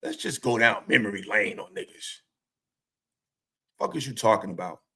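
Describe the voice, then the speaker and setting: A man's voice: fairly low pitch, big pitch swings, moderate pace, creaky, fairly bright tone, breathy edge. A man hosting his own stream, delivering a profane, confrontational rant full of taunting rhetorical questions. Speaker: streamer host.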